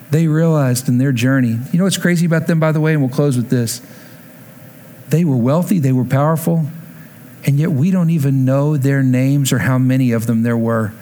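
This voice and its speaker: A man in his forties, a pastor preaching a sermon, telling a personal story with animated quoted lines and dropping soft for reflection. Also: mid-range voice.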